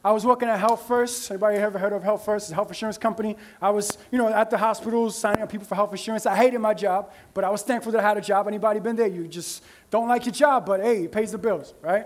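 A man's voice: high-pitched, fast talker, a little hiss or hum. A man preaching a sermon as pastor, in a conversational style with frequent "right?" asides to the congregation.

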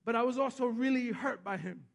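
A man preaching a sermon as pastor, telling stories and asking "Amen?", swinging between hushed and loud. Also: very high voice, fairly quick, gravelly. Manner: storytelling, repeats himself, asks the congregation "Amen?".

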